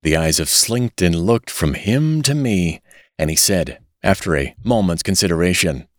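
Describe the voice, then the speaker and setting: 低く抑揚豊かな男性の朗読. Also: male voice, low-pitched, animated, moderate pace, no echo, studio quality. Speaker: audiobook narrator. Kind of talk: scripted narration.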